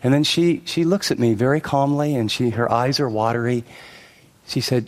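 A man's voice: medium pitch, lively intonation, moderate pace, darkish tone. A middle-aged man preaching a sermon, telling a personal story and then pressing his points with emphatic, repeated lines and quoted asides. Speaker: pastor. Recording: long hall reverb.

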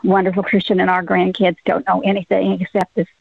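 Older lady caller on a tinny phone line, gravelly low voice, heartfelt and chatty. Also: monotone, quick pace, dry recording. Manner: heartfelt, chatty, laughs often. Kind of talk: personal testimony on call-in radio. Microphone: telephone.

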